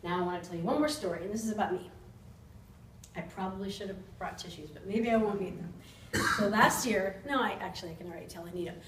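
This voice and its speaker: A woman's voice: medium pitch, fairly bright tone. A woman in her forties delivers a persuasive speech in a meeting room, earnest and personal, laughing at herself now and then. Her voice carries from a distance through a roomy, echoing space. A faint hiss sits under the recording. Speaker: club speaker.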